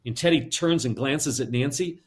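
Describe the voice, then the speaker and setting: A man telling a story on an interview show, lively, often repeating words as he goes. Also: mid-range voice, moderate pace. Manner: lively, repeats words, switches into character voices. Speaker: guest storyteller. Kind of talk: animated spoken storytelling.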